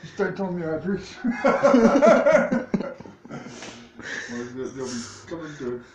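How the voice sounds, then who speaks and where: A man's voice: fairly high pitch, sing-song, takes it slowly, roomy sound, muffled recording, crowd noise. A man chatting and joking playfully in a home kitchen, often giggling and repeating words, filmed on a phone. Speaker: dishwasher. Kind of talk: casual chat.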